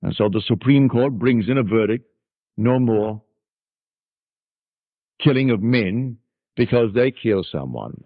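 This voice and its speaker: A man's voice: mid-range voice, animated, unhurried, pauses often, slightly rough, no room sound. Man lecturing through a tinny archival recording. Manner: emphatic, preaching cadence. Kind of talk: spiritual lecture.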